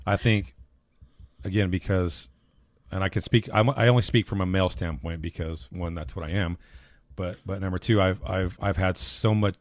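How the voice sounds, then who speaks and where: A man's voice: deep voice, no room sound, clean studio sound. A man co-hosting a podcast who speaks in a heartfelt, earnest way and often repeats words as he restarts his sentences. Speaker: podcast co-host, husband and father. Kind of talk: casual podcast conversation.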